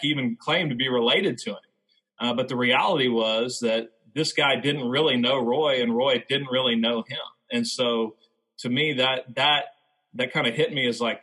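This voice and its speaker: A man, a former baseball player, telling his faith testimony as a podcast guest in a reflective, halting way. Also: medium pitch, pushed and bright, husky, low-quality recording.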